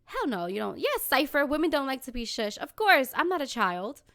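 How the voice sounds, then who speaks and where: A young woman co-hosts a casual podcast, sassy and emphatic, laughing and swearing as she talks. Her voice sits a little high. The recording is dry and close, with no room echo. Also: big pitch swings, moderate pace, fairly bright tone. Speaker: podcast co-host. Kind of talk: casual chat.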